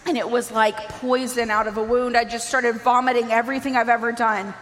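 A woman giving an emotional personal testimony, impassioned and pleading, rising at times to near shouts. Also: fairly high pitch, flat delivery, a little fast, in a large hall.

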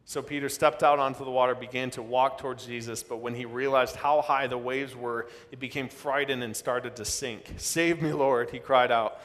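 A man's voice: medium pitch, flat delivery, moderate pace, few pauses. Man preaching in an echoing hall. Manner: preaching with sudden loud outbursts and dramatic quoted voices. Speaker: pastor. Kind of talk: sermon. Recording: long reverb of a large hall.

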